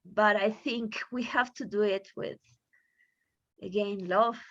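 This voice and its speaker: A woman from Peru with a Peruvian Spanish accent, speaking English as a second language, talking excitedly and with feeling in a casual panel discussion. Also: mid-range voice, takes it slowly, dull audio. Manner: excitable, emotional, laughs while talking.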